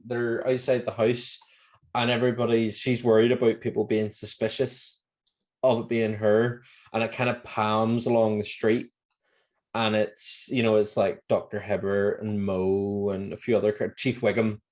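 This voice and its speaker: A Northern Irish man co-hosting a podcast in casual chat, laughing often and acting out lines in high voices. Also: little pitch movement, moderate pace. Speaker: podcast co-host.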